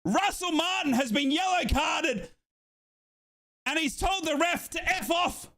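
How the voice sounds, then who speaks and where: A young man from Australia giving excited, breathless live commentary on a football match as a fan streamer, shouting and chanting along. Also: very high-pitched, measured pace.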